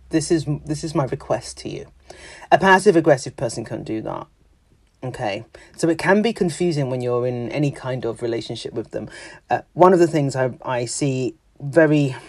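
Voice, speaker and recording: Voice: medium pitch, gravelly, darkish tone, no echo. A therapist speaking in a podcast monologue, explaining things directly and with emphasis, now and then laughing.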